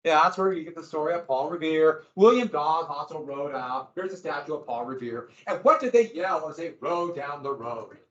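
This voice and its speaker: Male teacher, lively lecture, roomy classroom sound, dull lo-fi audio. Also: on the high side, moderate pace, few pauses. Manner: animated, jumps between asides and acted quotes. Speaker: history teacher.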